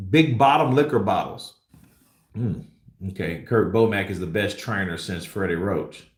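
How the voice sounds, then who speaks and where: A man's voice: sits low, moderate pace, reverberant. A man hosting a boxing commentary show, talking in a conversational, musing way. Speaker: host.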